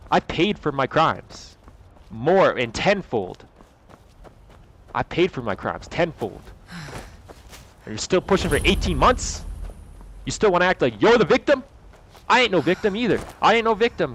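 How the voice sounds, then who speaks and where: A young man delivers a heated, profane rant straight to his camera. His voice sits at an ordinary mid pitch and jumps from loud, sarcastic outbursts to low, bitter muttering. A faint hiss of background noise runs under the recording. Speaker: vlogger. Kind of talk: angry personal rant to camera.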